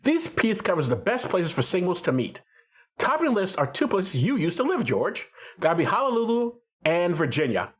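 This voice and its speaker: Male podcast co-host, husky, very animated, incredulous and dry. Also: high voice, normal speed. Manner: incredulous straight man, reads out articles. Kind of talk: comedic movie podcast chat.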